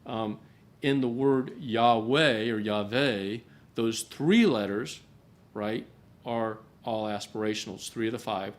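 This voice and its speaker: A man's voice: on the low side, takes it slowly. A man teaching a Bible class at a church gathering, talking in a conversational way and often repeating a word as he restarts a thought. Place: gathering hall.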